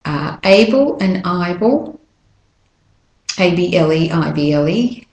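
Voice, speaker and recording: A woman teaching English pronunciation, saying example words slowly and clearly and repeating them. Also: lowish voice, expressive, darkish tone, echoey room, poor audio. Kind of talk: pronunciation lesson.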